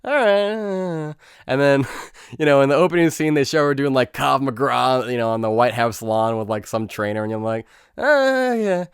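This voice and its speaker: A man giving a casual, profane movie review, animated and sarcastic, with frequent swearing and mocking quoted reactions. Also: mid-range voice, a little fast, creaky, smooth, dry recording, clean studio sound. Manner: animated, sarcastic, swears freely, mocks scenes in put-on quotes.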